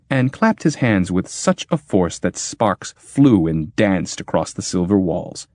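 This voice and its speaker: A man narrates an audiobook with expressive storytelling. His voice is low and lively in pitch. The recording is dry and close. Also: unhurried, hardly any pauses, dry recording. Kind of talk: scripted narration.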